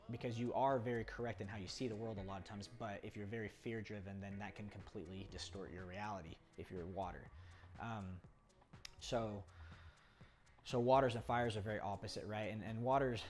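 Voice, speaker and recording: A young man explaining personality types in a casual, rambling way, often laughing and restarting sentences. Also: lowish voice. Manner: chatty, rambling, laughs often, acts out quoted people. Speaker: poker coach. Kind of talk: casual talking-head explainer.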